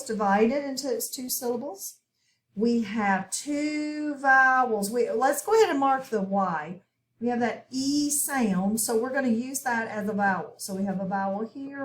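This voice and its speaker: A woman teaching a phonics lesson, talking slowly and clearly as she spells out sounds. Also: on the high side, slight background noise. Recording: echoey room.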